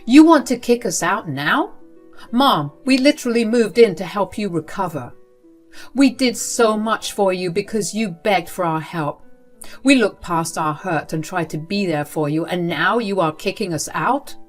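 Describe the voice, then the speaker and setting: A woman voicing a furious middle-aged father, confronting his mother in an outraged, shouting way. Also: medium pitch, animated, a little slow, faint music behind.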